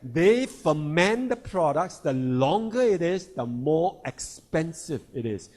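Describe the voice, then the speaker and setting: A man's voice: on the high side, sing-song, slow pace, a little mellow. A man giving an instructional health talk who keeps checking in with his listeners. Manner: checks in with listeners, asking "right?" and "all right?". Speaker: health presenter.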